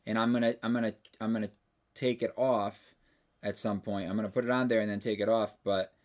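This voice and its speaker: A man's voice: on the low side, fairly even intonation, brisk. A man hosting a livestream in casual chat, talking loosely and restarting his sentences often. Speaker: livestream host.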